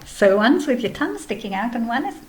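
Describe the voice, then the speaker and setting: A woman teaching a kindergarten video lesson, explaining patiently in a gentle, sing-song way. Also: fairly high pitch, sing-song, a little fast, a little hiss or hum. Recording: echoey room, faint background ambience.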